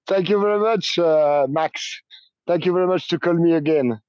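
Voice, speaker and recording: A French man with a French accent, a native French speaker, answering interview questions over a remote call in halting English, often pausing to search for words. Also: a little high, darkish tone, clean tone, no room sound. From France. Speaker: union leader and train operator. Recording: dull remote call audio.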